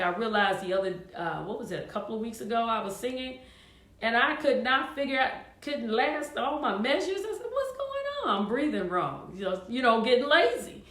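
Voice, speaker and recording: Woman, choir director host, chatty and encouraging, higher voice, roomy echo. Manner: encouraging, chatty, frequent fillers. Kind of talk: casual talk to viewers.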